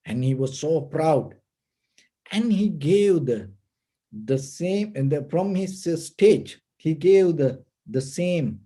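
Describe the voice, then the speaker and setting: A man giving a dharma talk, telling a story slowly and patiently in simple, plainly phrased English. His voice sits high for a man, with a mellow, dark tone, and his delivery is very unhurried. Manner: slow, patient, simple non-native phrasing. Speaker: meditation teacher.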